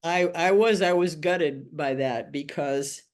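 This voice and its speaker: A low, darkish voice moves slowly as this older Tennessee woman relates her life in an oral history interview. The storytelling is candid, frank, and wry, with her imitating the people she quotes.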